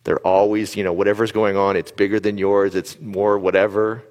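Man, low pitch, live talk to a crowd, lively storytelling, reverberant hall. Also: normal speed. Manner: animated storytelling, direct questions to the audience. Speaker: speaker addressing an audience.

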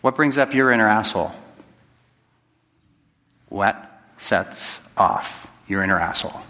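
A man's voice: on the low side, expressive, unhurried, sharp tone, in a large hall. A man giving a conversational, jokey talk to a live audience, acting out quoted exchanges. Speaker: public speaker.

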